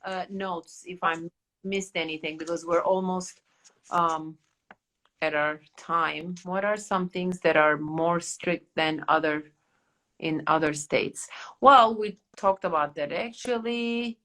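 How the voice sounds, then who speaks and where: A chatty woman hosting a casual podcast chat, her voice bright and forward. She rambles a little, with plenty of "like" and restarts. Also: on the low side, takes it slowly. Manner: chatty, many fillers and restarts. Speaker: podcast host.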